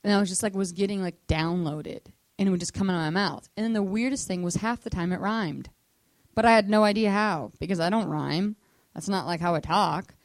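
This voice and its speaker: A woman giving a casual, animated testimony sermon to a church audience, full of fillers like "like" and acting out the voices of people in her story. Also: mid-range voice, brisk, dry recording.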